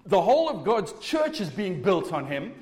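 A man with a notably high voice delivers an emphatic sermon, stressing his points and putting questions to his listeners. His words ring out with a long reverb, as if in a large hall or church. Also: sing-song, normal speed, a little mellow. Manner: emphatic, asks the audience rhetorical questions. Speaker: preacher.

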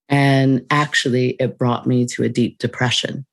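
A woman speaks as a guest, recounting her own story in an unhurried, reflective way and laughing softly now and then. Her voice has a gravelly, slightly fry-tinged texture. The recording is dry and close, with no room sound. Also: rumbling low, steady tone, dry recording. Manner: reflective, unhurried, with soft laughs and frequent "you know". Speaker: podcast guest. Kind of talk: personal storytelling in conversation.

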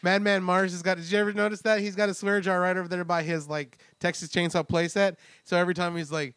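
A man's voice: sits high, flat delivery, fast, a bit bright, smooth, no echo, studio quality. Jokey, profane podcast co-host man. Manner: jokey, profane, laughs often. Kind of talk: casual chat.

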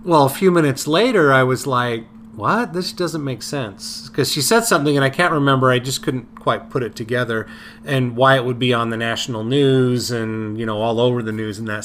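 Bright-voiced man recalling a memory. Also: mid-range voice, a little hiss or hum. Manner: halting, many fillers and restarts. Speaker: podcast co-host. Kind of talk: casual conversational storytelling.

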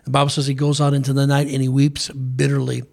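Gravelly preacher man, fervent. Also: medium pitch, completely flat delivery, quick pace, darkish tone. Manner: fervent, repetitive restarts. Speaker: preacher and co-host. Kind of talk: preaching on a broadcast program.

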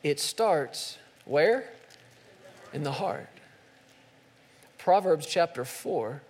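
A man's voice: fairly high pitch, lively intonation, very slow, a little mellow, long reverb tail. A man preaching a sermon as pastor, building intensity with repeated calls for attention.

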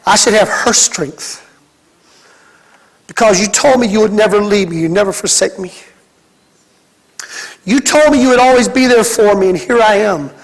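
High-voiced man preaching a fervent sermon. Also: fairly quick, low-quality recording. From Mississippi. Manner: preaching with emphatic, rhythmic repetition. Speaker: pastor.

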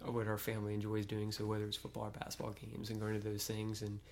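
A man from Kentucky with a low voice and a fairly flat delivery chats in an easygoing way. His talk is full of filler phrases. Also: fast, slight background noise. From Kentucky, USA. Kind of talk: casual conversation.

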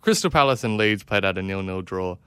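A man's voice: deep voice, lively intonation, fairly quick, pushed and bright, clear, resonant tone, dry recording. A man co-hosting a casual football podcast, wry and self-mocking, rambling a little as he talks. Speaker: podcast co-host.

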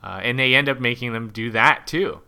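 Casual podcast co-host, male, very bright and clear tone, loose rambling delivery with lots of fillers. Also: mid-range voice, normal speed. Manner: rambling, filler-heavy, chuckling. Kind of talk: casual film discussion.

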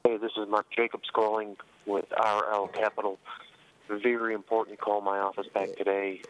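A man's voice: on the low side, level tone, moderate pace. A man leaving a formal, stern voicemail as a caller, heard over a phone line. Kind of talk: voicemail message. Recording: tinny phone line with noise.

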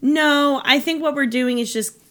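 A woman's voice: high-pitched, measured pace, fairly bright tone. A woman co-hosting a casual comedy podcast, dry and amused, answering with wry quips. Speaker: podcast co-host.

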